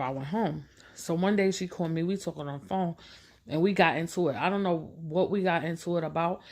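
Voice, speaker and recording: A woman casually telling a personal story in a chatty, animated way, acting out what other people said. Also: sits low.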